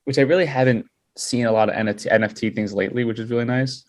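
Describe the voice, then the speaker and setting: A man's voice: medium pitch, steady tone, quick pace. A man co-hosting a podcast, laid-back in casual chat with dry, self-mocking asides. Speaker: podcast co-host.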